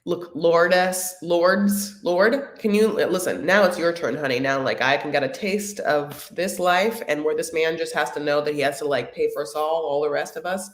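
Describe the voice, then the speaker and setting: A woman's voice: low-pitched, normal speed, few pauses, natural voice. A woman playing a pushy middle-aged father who makes demands about money. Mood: demanding. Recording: echoey room.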